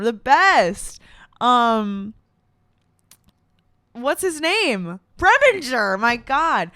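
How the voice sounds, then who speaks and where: Lively young woman rambling playfully. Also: a little high, slow pace, no room sound, clean studio sound. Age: 20s. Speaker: vlogger. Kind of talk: casual comedic monologue.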